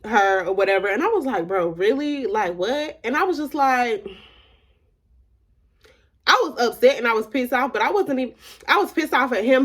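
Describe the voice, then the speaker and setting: A woman vlogger telling a casual storytime, emphatic and candid, filling her talk with "like" and retelling conversations. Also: medium pitch. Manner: emphatic, repeats "like" often.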